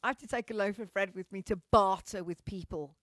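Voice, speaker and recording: A woman's voice: medium pitch, a little fast, a bit bright, no echo, studio quality. A British woman hosting an online show in a comedic, casual monologue, bawdy and theatrical, swearing freely. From Britain.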